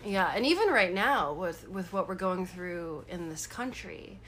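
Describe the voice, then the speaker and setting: A woman's voice: on the low side, lively intonation, a little slow, a bit bright. Earnest woman co-host, faint room noise. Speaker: podcast co-host. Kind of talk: casual chat.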